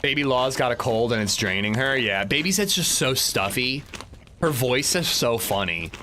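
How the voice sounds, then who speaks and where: Bright-voiced young man chatting on stream. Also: mid-range voice, animated, moderate pace, slight background noise. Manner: chatty and rambling, frequent restarts and fillers. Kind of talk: casual gameplay livestream chat.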